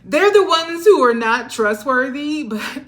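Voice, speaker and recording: A woman giving a casual tarot reading, talking animatedly with laughing asides and swinging between low mutters and loud exclamations. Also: expressive, a little slow. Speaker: tarot reader. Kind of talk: casual spiritual reading monologue.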